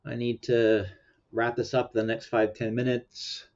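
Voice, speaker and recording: A man's voice: mid-range voice, completely flat delivery, measured pace, darkish tone, a little hiss or hum. A man hosting a livestream in casual chat, rambling and laughing often while sleepy and yawning. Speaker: livestream host. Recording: dull lo-fi stream audio.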